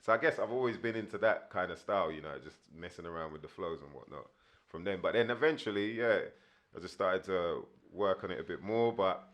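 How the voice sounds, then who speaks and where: A man's voice: deep voice, fairly quick, fairly bright tone. A man in his thirties, a guest rapper telling rambling stories in a casual interview, full of fillers.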